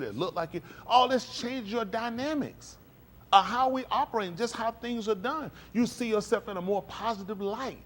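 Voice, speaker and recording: This man preaches a live-streamed sermon in a high, slightly rough voice. He's emphatic and conversational, animated and shifting from quiet to loud, and he gets call-and-response from the congregation.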